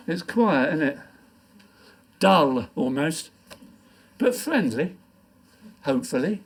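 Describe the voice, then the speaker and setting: An older man reads his comic poetry live in a pub function room, his stand-up delivery rambling and self-deprecating. He speaks slowly with long pauses, in an expressive, slightly rough voice on the high side.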